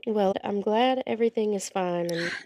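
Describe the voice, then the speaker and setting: A woman's voice: mid-range voice, moderate pace, warm tone, no echo. A woman co-hosting a podcast in casual chat, teasing her sister with dry remarks. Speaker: podcast co-host.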